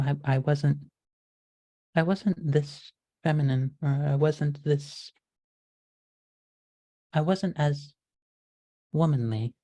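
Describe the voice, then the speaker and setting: A gentle young woman speaks in a tabletop game, as a game master puts her on. She is anxious and halting, stumbling over her words in a raised, fragile voice. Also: deep voice, exaggerated voice.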